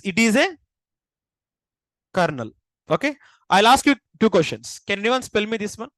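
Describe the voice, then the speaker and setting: High-pitched, Indian accent, teacher, repeats key points, dry sound. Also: male voice, fairly bright tone, dry recording, poor audio. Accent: Indian English. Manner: asks the class questions and repeats key points. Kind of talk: classroom lecture.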